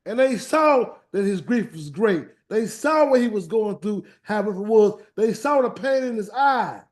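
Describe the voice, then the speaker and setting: High-voiced animated male Bible teacher. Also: measured pace. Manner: animated, colloquial, repeats words while searching. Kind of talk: weekly scripture word study and prayer. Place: meeting room streamed live.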